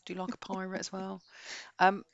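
A British woman talks books in a blunt, lively, chatty way, sometimes dropping to a near whisper for the creepy parts. Her voice sits in an ordinary middle pitch. The recording is dry and close, with no room sound. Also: moderate pace, creaky, no room sound, muffled recording. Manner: chatty, blunt and expressive, reads a synopsis aloud. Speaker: podcast co-host. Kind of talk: casual chat about books.

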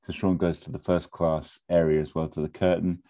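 A man, casually pitching a film plot in a rambling, animated way full of fillers and restarts. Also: a little fast, muffled recording.

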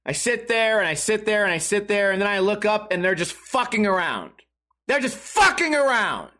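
A man's voice: high-pitched, a little fast, bright, forceful tone. A man telling a comic story in a sarcastic, exaggerated, profane rant.

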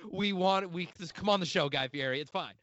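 A man's voice: sits high, fairly quick, fairly bright tone, dry recording. A man with a Midwestern accent, hosting a podcast in casual chat, swearing freely and laughing often. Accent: Midwestern American. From outside Chicago. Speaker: podcast host. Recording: dry, muffled lo-fi audio.

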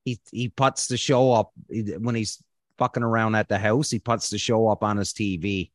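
A man's voice: lowish voice, steady tone, moderate pace, dry recording. A man hosting a podcast, chatting casually in a rambling way, full of fillers and swearing. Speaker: podcast host. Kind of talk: casual chat.

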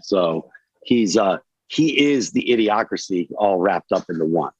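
Low-voiced rambling man, dull dry sound. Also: unhurried, no echo. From Delaware, USA. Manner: rambling and animated, full of fillers. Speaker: guest actor. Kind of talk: casual podcast chat.

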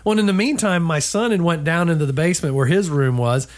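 A man's voice: fairly high pitch, fast talker. An older man with grandchildren telling a travel story in a casual chat, acting out the voices of the people in it. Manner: animated storyteller acting out quoted dialogue.

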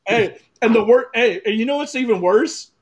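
A man's voice: very high voice, moderate pace, breathy edge. A man, a photographer, telling funny stories on a podcast in casual, profane talk mixed with Spanish. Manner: animated storyteller, profane, mixes Spanish.

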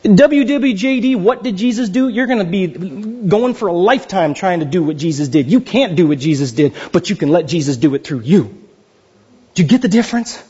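Animated husky-voiced pastor preaching. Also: male voice, muffled recording. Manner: animated, swings from loud high exclamations to slow hushed pleading. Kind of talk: sermon.

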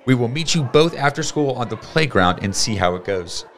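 A man voicing a spunky young girl who owns a rooster, speaking in a higher, bossy voice. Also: expressive, normal speed, crowd noise, background noise, natural voice. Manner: bold, bossy, higher girlish voice.

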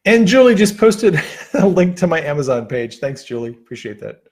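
A man hosting a casual livestream and chatting to his viewers in a rambling, halting way, full of fillers and restarts. He is losing his voice after an hour of talking. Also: on the high side, big pitch swings, darkish tone. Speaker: livestream host.

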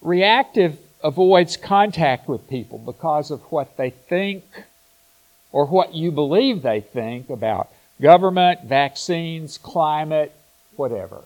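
Slow, reflective male preacher. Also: a little high, expressive, a little mellow, rough recording. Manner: slow, reflective, with frequent restarts and pauses. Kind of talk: sermon.

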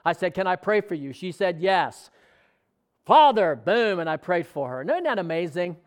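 A man preaching a sermon, telling a story with animated excitement and acting out quoted dialogue. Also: high voice, moderate pace. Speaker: pastor.

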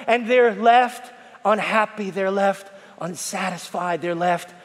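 High-voiced preaching man in a hall. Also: slow pace. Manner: preaching, swings from shouting to hushed; folksy, repeats calls to the congregation. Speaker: pastor. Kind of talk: sermon. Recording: long hall reverb.

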